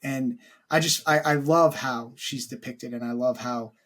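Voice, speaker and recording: A man's voice: medium pitch, steady tone, a little slow, a bit bright. A man co-hosting a film podcast, talking casually and earnestly, full of "like" and restarts. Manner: rambling, heavy use of "like", earnest. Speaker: podcast co-host.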